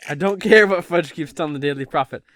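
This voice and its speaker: Brief: earnest, fretting wizard dad in a shaky Irish-Scottish-tinged British accent, a man reading aloud; fairly high. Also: fast talker, fairly bright tone, no room sound, natural voice. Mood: urgent. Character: Arthur Weasley, worried middle-aged wizard father. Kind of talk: casual podcast table read.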